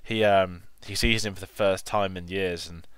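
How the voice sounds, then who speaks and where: A man co-hosting a casual film review, talking in a relaxed, rambling way with lots of "like" and "kind of". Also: low-pitched, normal speed, smooth, no echo.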